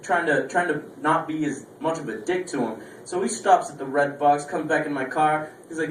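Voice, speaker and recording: A young man does stand-up on a small lounge stage, rambling through profane anecdotes. His voice sits a bit high. The recording catches him from far off in an echoey room, with faint room sound behind. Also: moderate pace, few pauses, slight background noise. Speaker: stand-up comedian. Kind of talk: stand-up comedy storytelling. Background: faint room ambience, audience laughter.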